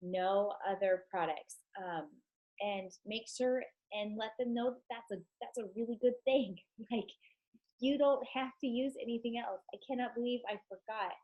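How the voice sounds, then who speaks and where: A woman's voice: a little high, moderate pace, phone-quality sound. A chatty, enthusiastic woman with a stuffed-up nose, talking casually to her team on a live stream, with many ums.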